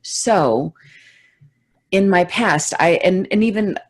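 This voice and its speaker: A woman's voice: fairly low pitch, expressive, takes it slowly. A woman co-hosting a podcast in casual, reflective chat, acting out her own reactions in quoted voices. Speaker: podcast co-host.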